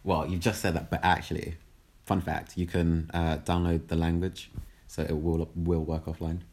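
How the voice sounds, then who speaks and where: A man co-hosting a casual chat, talking in a hesitant way with many pauses and fillers. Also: sits low, level tone, a little mellow. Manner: hesitant, lots of ums and restarts.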